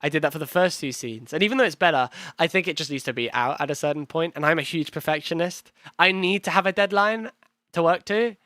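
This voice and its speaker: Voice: medium pitch, fast, fairly bright tone, no echo. A young streamer with a London accent close to Cockney, chatting loosely through a reaction stream, rambling, swearing and laughing easily. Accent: London, near Cockney. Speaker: streamer and actor in the series.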